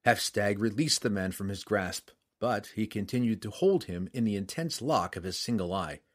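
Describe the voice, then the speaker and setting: A man narrating a fantasy story as an audiobook, in a measured, dramatic reading. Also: on the low side.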